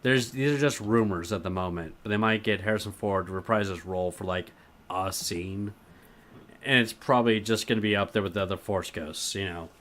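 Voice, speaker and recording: A man's voice: on the low side, fairly quick, a bit bright. A man co-hosting a casual podcast, talking in a laid-back, agreeable way with sarcastic asides. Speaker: podcast co-host. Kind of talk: casual chat.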